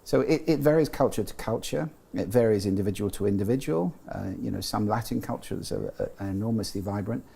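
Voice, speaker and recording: A man's voice: on the low side, brisk, vocal fry, hardly any pauses, dark tone, husky. A British man talking in an interview, explaining carefully, with frequent restarts and fillers. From Britain. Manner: thoughtful, explanatory, with frequent restarts and "you know". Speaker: guest, sound and speech expert. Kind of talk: interview conversation.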